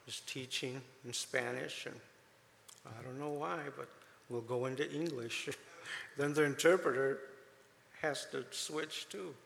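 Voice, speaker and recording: A man speaks informally to a congregation in an emotional, chatty way, joking gently between fillers. His voice is bright with a gravelly fry. The sound carries a long church-hall reverb over faint room noise. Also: mid-range voice.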